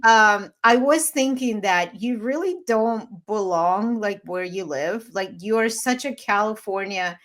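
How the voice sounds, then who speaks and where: A middle-aged woman from Eastern Europe co-hosting a podcast in casual chat, an animated storyteller who acts out the people she quotes. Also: medium pitch, unhurried, few pauses. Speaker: podcast co-host.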